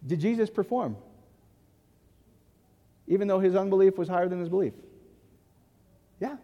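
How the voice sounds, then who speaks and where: A man's voice: sits high, moderate pace, in a large hall, lo-fi sound. A man preaching a sermon in an emphatic way, often checking that the audience agrees. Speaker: pastor.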